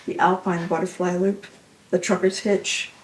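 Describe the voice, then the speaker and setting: A woman poet giving a poetry reading at a university venue, measured and intimate, often dropping to a hush. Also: fairly low pitch, level tone, roomy sound, distant mic, a little hiss or hum, low-quality recording.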